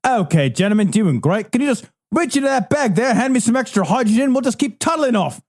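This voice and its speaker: A man's voice: extremely high pitch, sing-song, fast talker, full character voice. A man playing a reckless balloonist in a mock French accent, breezy and mock-confident.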